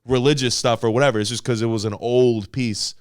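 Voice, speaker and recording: A man guesting on a podcast as a comedian, riffing in animated, profane casual chat. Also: mid-range voice, fairly quick, clear, resonant tone, no echo, studio quality.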